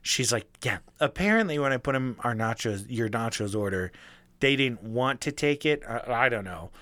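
A young man telling a story in casual chat, animated, swearing freely and acting out the people he quotes. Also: medium pitch, moderate pace, dry recording.

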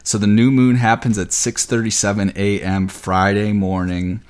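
Low-voiced man astrologer, chatty and excitable, a touch winded. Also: normal speed, smooth. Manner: casual, excited, rambling with fillers. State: slightly out of breath. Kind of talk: weekly astrology forecast.

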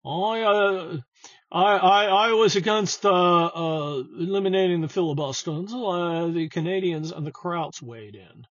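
A man's voice: sits high, measured pace, a bit bright, no echo, lo-fi sound. A man imitating a stammering old senator. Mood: mock-solemn. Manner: hesitant, full of uhs. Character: halting, stammering elderly senator.

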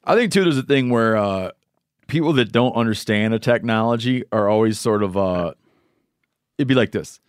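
A man hosting a podcast in casual conversation, thinking out loud and acting out imagined scenes. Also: on the low side, normal speed, clean tone, dry recording, clean studio sound. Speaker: podcast host.

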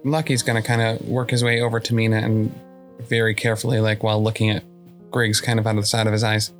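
Player at a tabletop game, mid-pitch, teasing, laughs a lot. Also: level tone, fast, faint music behind. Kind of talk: casual tabletop role-play banter.

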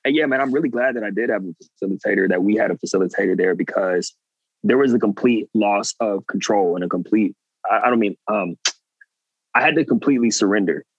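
A man's voice: lowish voice, quick pace, slightly rough, no room sound, lo-fi sound. A man guest telling a personal story earnestly, acting out what people said. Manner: animated, earnest, acts out quotes. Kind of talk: casual storytelling.

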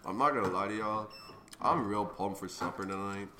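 A man's voice: fairly low pitch, moderate pace, reverberant, background noise. A man co-hosting a casual smoking livestream from a garage, loose and joking, swearing freely. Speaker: co-host of a smoking stream.

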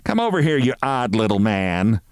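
A man's voice: medium pitch, big pitch swings, normal speed, clean tone, no echo, studio quality. A man voicing a haughty, brash middle-aged office woman who scolds shrilly. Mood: mocking.

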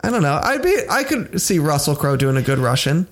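A man's voice: fairly high pitch, sing-song, fairly quick. A young man co-hosting a casual podcast, joking and swearing freely as he talks. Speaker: podcast co-host. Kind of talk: casual chat.

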